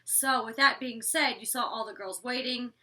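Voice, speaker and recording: A woman's voice: on the high side, normal speed, sharp tone, distant mic. A woman in her twenties casually recapping a reality show episode, blunt and sassy, swearing freely. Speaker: former reality show cast member reviewing episodes.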